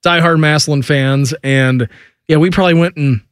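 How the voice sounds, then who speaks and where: A man's voice: a little high, fairly even intonation, normal speed, clear, resonant tone, dry recording, clean studio sound. Chatty male sports radio host. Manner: chatty, storytelling, laughs often. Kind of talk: casual sports radio chat.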